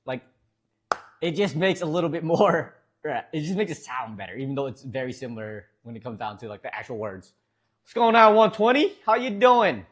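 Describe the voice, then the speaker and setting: A man's voice: fairly high pitch, lively intonation, normal speed, slightly rough. A man streaming, chatting casually with his viewers in a rambling, hesitant way, restarting sentences and chuckling.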